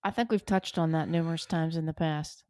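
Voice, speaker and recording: A woman's voice: deep voice, a little fast, a little mellow, no room sound. A woman co-hosting a casual podcast, dry and teasing in her remarks. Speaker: podcast co-host. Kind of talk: casual chat.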